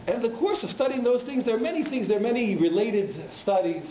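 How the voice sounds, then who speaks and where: A man's voice: very high-pitched, lively intonation, a little fast, background noise. A man, a rabbi, giving an informal Torah class to a congregation, talking in a conversational way with teasing asides to the audience. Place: synagogue hall. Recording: echoey hall, slightly muffled.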